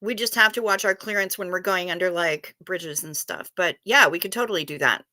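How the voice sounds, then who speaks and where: A woman with a bright, crisp voice hosts a relaxed livestream and chats with her viewers. She talks in a playful, rambling way, reads their messages aloud and swears now and then. The sound is close and dry, with no room echo. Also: on the low side, brisk. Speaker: livestream host. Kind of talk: casual livestream chat with viewers.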